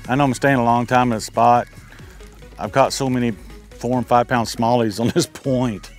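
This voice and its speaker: A man's voice: medium pitch, fairly even intonation, moderate pace, faint music behind. An older man, talking through fishing tips in a folksy, easygoing way from a boat on a lake. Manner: folksy, easygoing, explains step by step. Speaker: angler giving fishing tips. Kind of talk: casual outdoor instruction.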